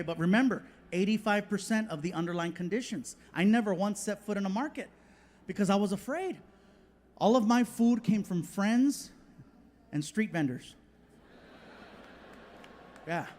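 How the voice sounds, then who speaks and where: A man's voice: high-pitched, a little hiss or hum. A male stand-up comedian telling a story on stage and acting out the voices.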